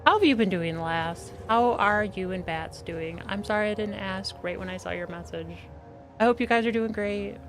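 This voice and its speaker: A woman's voice: medium pitch, moderate pace. A woman streaming a game from her home office, chatting casually, answering her chat and talking to her cat. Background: background music.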